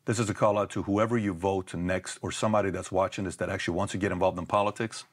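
A man's voice: low-pitched, fairly even intonation, quick pace. A middle-aged man as an interview guest, talking emphatically and firing off rhetorical questions. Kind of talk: conversational interview.

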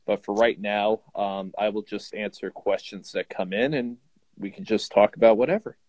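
A man's voice: on the low side, fairly even intonation, normal speed, darkish tone, no echo, low-quality recording. A man hosting a casual livestream video call, talking hesitantly with many fillers. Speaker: host of a fan livestream. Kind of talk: casual group video chat.

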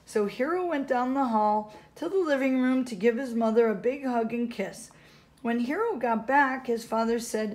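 A woman's voice: a little high, normal speed, a little mellow. A woman, a teacher, reading a children's storybook aloud in a casual way, correcting herself as she goes.

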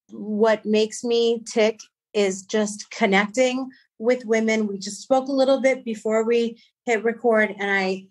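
A woman with a Persian accent chats as a guest on a podcast. She speaks slowly and at a middle pitch, wandering through her thoughts with pauses and restarts. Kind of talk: casual podcast interview.

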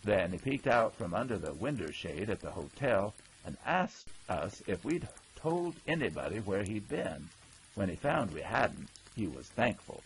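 A man narrating a folksy old-time story, with lively character voices. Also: fairly low pitch, a little slow, slight background noise, rough recording. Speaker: audiobook narrator.

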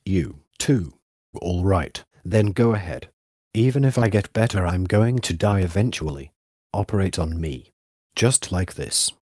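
Proud, stubborn countess in an audiobook, low and dry, read by a man. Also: lively intonation, measured pace, a little mellow, no echo. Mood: resigned. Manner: defiant, stubborn. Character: proud frail noblewoman facing surgery.

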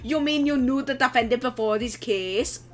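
A man's voice: very high voice, moderate pace, slight background noise. A young man reading as a poised woman attorney. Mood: composed. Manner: reading game dialogue aloud, half-joking.

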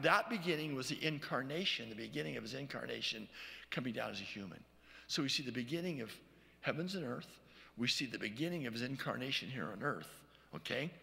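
Male pastor, sermon, gravelly, bright forceful tone, church hall reverb. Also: medium pitch, lively intonation. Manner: teaching, frequent "okay?" check-ins; reads scripture aloud slowly.

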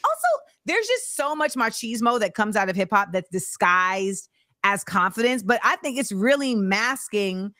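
Animated woman host, laughing and casual. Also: medium pitch, moderate pace, no echo, clean studio sound. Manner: animated, laughing, slangy asides. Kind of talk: casual chat.

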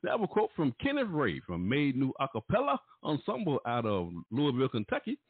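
A man hosting a gospel radio show, a showy, playful announcer with sudden jumps in pitch. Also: wildly swooping pitch, brisk, breathy edge, dry recording. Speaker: radio host. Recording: tinny, phone-like, dry sound.

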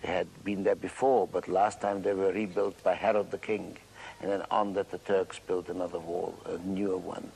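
A man serving as a city mayor, explaining history in a measured way and pausing now and then to find his words. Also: sits low, level tone, creaky, darkish tone, slightly rough, poor audio.

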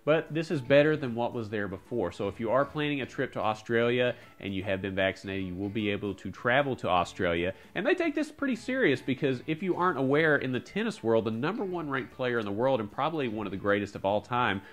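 Fast-talking man hosting a news roundup. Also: mid-range voice, expressive, fairly bright tone. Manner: upbeat, chatty, keeps asking "all right?". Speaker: host of a credit card and travel channel. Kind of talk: casual news roundup to camera.

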